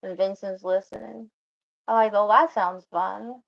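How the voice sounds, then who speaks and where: This vlogger talks in a steady, mid-range voice with vocal fry over dull audio. Her casual story rambles, with frequent restarts and quick asides quoting other people.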